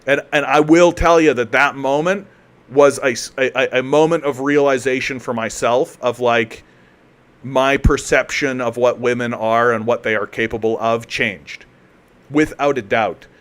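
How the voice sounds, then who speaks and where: A Canadian man hosts a political commentary livestream, reading chat and ranting heatedly with frequent swearing and constant restarts of his sentences. His voice is medium-pitched, fairly bright and clean, with fairly even intonation and an unhurried pace.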